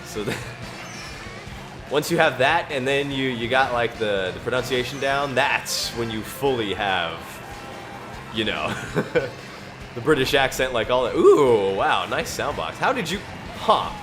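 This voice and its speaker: A man streams a racing game with music playing behind him, joking around and drifting into mock-archaic phrasing and scripture reading. His voice is medium-pitched and animated, and he speaks slowly in a playful, jokey way during this casual gameplay chat.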